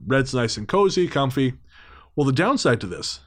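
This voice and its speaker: A man's voice: medium pitch, sing-song, normal speed, a bit bright. Laid-back man co-hosting a podcast. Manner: rambling, self-mocking, laughs often. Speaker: podcast co-host. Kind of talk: casual podcast banter.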